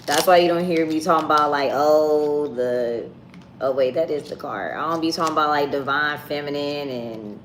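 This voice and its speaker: A woman with a low-pitched voice reads tarot on a live stream at a moderate pace, chatting casually and bluntly with her viewers. The room is echoey, with faint ambient noise.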